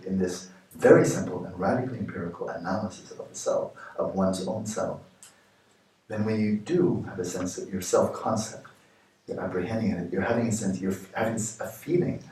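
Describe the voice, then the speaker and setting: Low-voiced man guiding meditation from far off. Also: dark tone, slight background noise. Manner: slow, questioning, short phrases with pauses. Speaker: meditation teacher. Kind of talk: guided meditation instruction. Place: retreat meditation hall. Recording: echoey room, distant mic.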